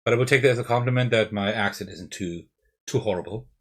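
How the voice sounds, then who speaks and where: A man's voice: lowish voice, fast talker. A man with a German accent, streaming a live card game playthrough and thinking aloud, often checking himself with "right?". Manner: thinking aloud, self-questioning with frequent "right?". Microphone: desk mic with face cam.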